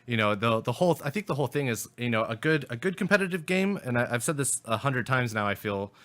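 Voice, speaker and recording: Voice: mid-range voice, expressive, fast, a bit bright. A podcast co-host in casual gaming talk, musing with many restarts and fillers like "you know" and "like".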